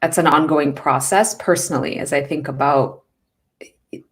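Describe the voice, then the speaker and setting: A woman guest on a podcast, speaking thoughtfully with measured, halting phrasing. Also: deep voice. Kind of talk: casual discussion.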